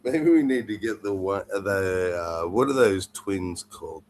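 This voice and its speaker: Slow-talking man in crude banter. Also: low-pitched, expressive, a little mellow, slight background noise. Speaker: streamer hanging out with friends. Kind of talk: casual chat.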